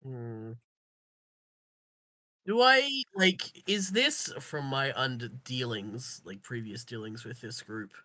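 A man playing a tabletop role-playing game, joking and asking the game master questions. His voice is bright and forward, recorded dry and close. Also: mid-range voice, expressive, dry recording. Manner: joking, quick in-character quips. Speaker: player. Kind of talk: casual tabletop play.

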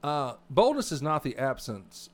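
A man's voice: a little high, big pitch swings, a little slow. A man from South Arkansas with a South Arkansas accent, co-hosting a casual faith talk and telling stories in a rambling way with many restarts. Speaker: podcast co-host.

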